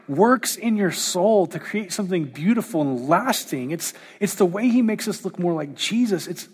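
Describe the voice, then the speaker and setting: A man preaching a sermon as a pastor, animated, often acting out the quoted voices of others. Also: high voice, husky, big-room sound.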